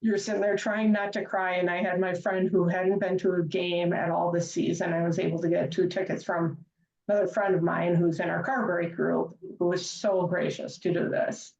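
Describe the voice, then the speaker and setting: A woman's voice: fairly low pitch, flat delivery, normal speed, creaky, darkish tone. A woman guest on a podcast telling stories casually, chatty with lots of filler phrases. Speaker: podcast guest, hockey fan. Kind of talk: casual storytelling. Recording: distant, echoey, dull remote audio.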